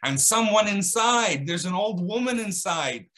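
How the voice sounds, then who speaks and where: A man tells a religious story to a listener. His tone is bright and forceful, and he swings his pitch when he acts out the characters' lines. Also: lively intonation, unhurried. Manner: dramatic, acts out dialogue with shifting pitch.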